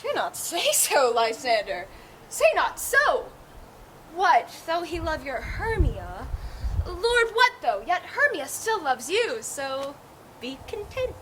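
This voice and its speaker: A woman's voice: high voice, big pitch swings, slow pace, heavily acted. A woman playing Helena, a lovesick noblewoman. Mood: soothing. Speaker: stage actor. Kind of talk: outdoor Shakespeare stage acting. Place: outdoor town square. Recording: outdoor performance with background noise.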